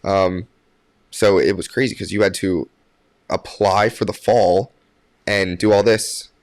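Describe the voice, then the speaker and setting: A man's voice: deep voice, measured pace, no echo. A young man, a podcast guest, telling a story casually with many fillers and restarts. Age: young adult. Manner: animated when quoting others.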